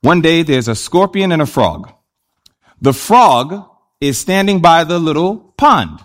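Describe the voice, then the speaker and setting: Animated high-voiced male preacher. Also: unhurried. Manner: animated, addresses the congregation directly. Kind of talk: sermon.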